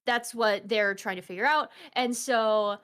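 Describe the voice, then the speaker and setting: Woman guest on a call, casual, rambly, slightly higher voice. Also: fairly even intonation, a little slow, fairly bright tone, smooth. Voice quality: casual, rambly, full of fillers. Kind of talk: casual chat over a voice call.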